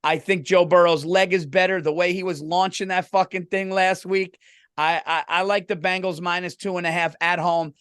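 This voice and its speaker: A man's voice: high voice, fairly even intonation, moderate pace, fairly bright tone, clear, resonant tone, no room sound, studio quality. A man co-hosting a casual sports podcast, telling stories loosely and laughing often. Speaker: podcast co-host.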